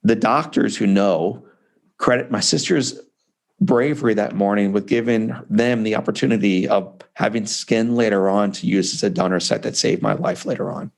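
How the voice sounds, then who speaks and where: A man in his forties from Missouri, a guest author telling an emotional personal story in an earnest, impassioned way with dramatic pauses, heard over a video call. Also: fairly low pitch, vocal fry. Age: 40s.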